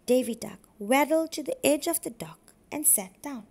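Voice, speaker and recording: A preschool teacher, a woman, reading a storybook aloud to young children in a slow, clear and careful way. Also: high-pitched, lively intonation, darkish tone.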